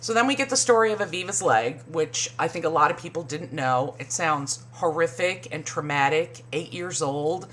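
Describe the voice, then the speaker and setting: A woman's voice: expressive, moderate pace, few pauses, a bit bright. A woman recapping a reality show in casual, profane commentary, sarcastic and mocking. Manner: sarcastic, swears a lot, mimics people in high voices.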